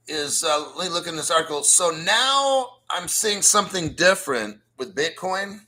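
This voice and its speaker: A man talks crypto on his own livestream in a loose, blunt, profane way. His voice sits a little high and bright. He clears his throat often and answers viewer chat as he goes. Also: sing-song, a little slow. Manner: mocks newcomers with sarcastic put-on quotes. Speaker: crypto channel host. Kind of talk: casual livestream commentary.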